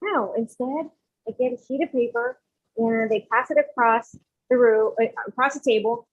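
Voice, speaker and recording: A fairly high-voiced woman recounts her story as an interview guest, acting out the words of the people in it. The audio is dull and somewhat lo-fi. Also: moderate pace, slight background noise. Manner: animated, acts out quoted dialogue. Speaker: guest entrepreneur.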